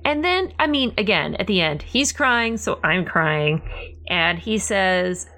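A woman co-hosting a podcast in casual chat, talking in an emotional, expressive way with big swings in her voice. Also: medium pitch, takes it slowly. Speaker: podcast co-host.

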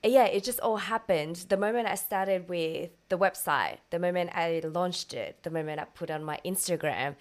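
A woman co-hosting a podcast, telling a story in a relaxed, easygoing way. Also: on the low side, moderate pace, few pauses. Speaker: podcast co-host, caterer. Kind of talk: casual chat.

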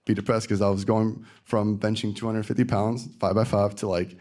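A man with a fairly low voice shares a personal testimony. His delivery is casual and earnest, full of fillers and loose restarts. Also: little pitch movement, fairly quick, a little mellow.

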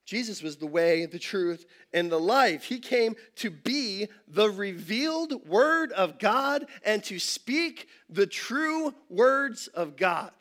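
A man's voice: sits high, lively intonation, slow, few pauses, a bit bright. A man preaching a sermon as a campus pastor, conversational and engaging, asking the listeners rhetorical questions.

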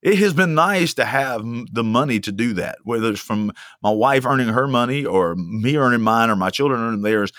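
A man's voice: medium pitch, moderate pace, hardly any pauses, a bit bright, dry recording, studio quality. A young man preaching a sermon as a pastor, emphatic and fond of repeating lines for stress. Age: young adult.

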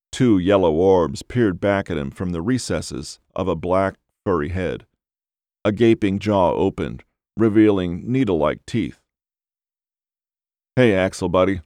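A man narrating a dark novel as an audiobook, in a measured, unhurried way. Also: sits low, dry recording, clean studio sound.

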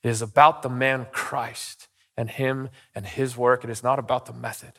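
A middle-aged pastor preaches a sermon in a church sanctuary, speaking at normal speed in a medium-pitched, level, bright and forceful voice. He's conversational, telling personal stories and often checking in with "okay?" and "right?", all carried on the long reverb of a church hall.

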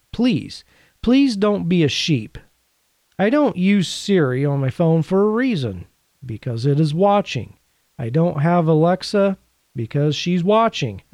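Earnest man teaching, slightly high voice. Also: darkish tone, no room sound. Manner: earnest, conversational, dryly sarcastic asides. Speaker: Catholic teacher presenting a series. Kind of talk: teaching talk to camera.

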